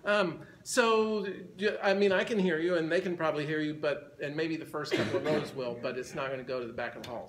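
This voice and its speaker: A man's voice: high voice, fairly bright tone, slight background noise. A man conducting a band rehearsal, counting the players in and singing phrases to show how they should sound. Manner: counts in, sings phrases to demonstrate. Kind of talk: rehearsal instruction. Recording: band music in the room. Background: band playing.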